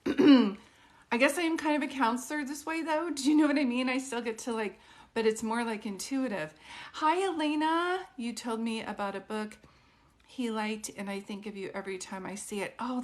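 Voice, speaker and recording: A woman hosting a casual livestream at home as a psychic medium, chatting and reading viewer comments aloud to greet people by name. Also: fairly high pitch. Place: at home with her dog. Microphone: phone livestream.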